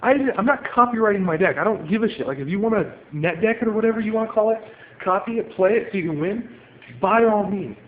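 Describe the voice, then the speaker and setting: A man's voice: sits high, quick pace. A man ranting angrily at home, pacing as he talks and swearing often. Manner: heated, profane, paces while talking. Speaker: card game player venting on video. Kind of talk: angry ranting monologue. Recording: tinny phone-like audio with room echo and faint hiss.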